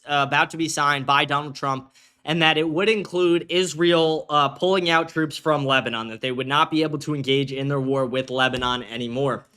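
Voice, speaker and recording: A man's voice: on the high side, sharp tone, clean tone. A man hosting a livestream commentary show from a green-screen studio, ranting in a brash, profane way. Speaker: host.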